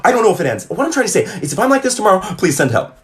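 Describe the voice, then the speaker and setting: A man's voice: high voice, big pitch swings, very fast, a little hiss or hum. A man in his twenties, a youth pastor, doing a hyper comedic monologue to camera and bursting into silly voices.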